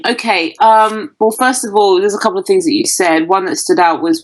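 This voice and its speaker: A woman's voice: medium pitch, moderate pace, few pauses, rough recording. Blunt British woman giving dating advice. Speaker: dating coach guest. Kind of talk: podcast interview.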